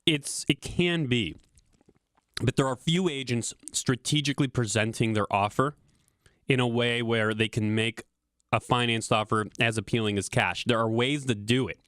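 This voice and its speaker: A man co-hosting a radio talk show, pitching a workshop with a quick promotional delivery. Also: fairly bright tone, clean tone, no echo, clean studio sound. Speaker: radio show co-host, real estate agent.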